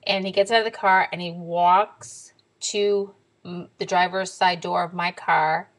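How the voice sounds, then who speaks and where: A young woman telling a story in a casual vlog to camera, animated and swearing freely, sometimes dropping to a whisper. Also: lowish voice, unhurried, low-quality recording. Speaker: diet vlogger.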